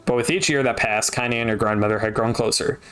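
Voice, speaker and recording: A man reading a novel aloud on a stream, steady narration broken by wry asides. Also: medium pitch, fast talker, clean tone. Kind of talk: casual audiobook reading with asides.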